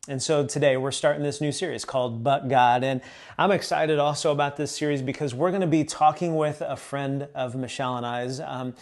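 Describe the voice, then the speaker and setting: A man, a pastor in his thirties, giving announcements and a sermon on a live stream in a relaxed conversational way, with frequent fillers. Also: mid-range voice, fairly quick. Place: church stage.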